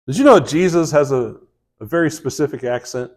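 A man delivers a sermon. His voice sits a bit high for a man, and he talks in a casual, folksy way, breaking off into asides and restarts. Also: brisk, darkish tone. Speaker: pastor.

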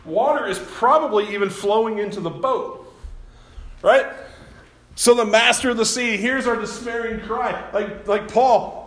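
A man's voice: high voice, moderate pace, fairly bright tone, reverberant. A man preaching a sermon as pastor, talking in a folksy, self-deprecating way and often repeating his words.

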